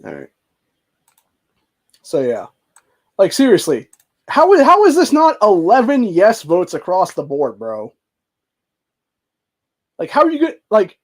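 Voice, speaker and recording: A young man with a high-pitched voice rants heatedly about politics. His talk is profane and loose, full of dude and bro. He sounds like a casual online host. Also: huge pitch swings, measured pace, pauses often. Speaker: commentary host. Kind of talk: angry political rant.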